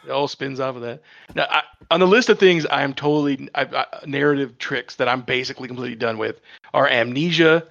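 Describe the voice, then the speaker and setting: A man's voice: mid-range voice, brisk, gravelly, fairly bright tone. A man on a podcast chatting casually, grumbling and sardonic about what he dislikes. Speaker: podcast regular. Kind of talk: casual chat. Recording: dull lo-fi mic.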